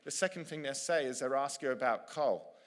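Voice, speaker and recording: A man's voice: medium pitch, brisk, pitched above the performer's own voice, lightly acted. A man voicing an indignant townsman from a coal town, pleading and emphatic.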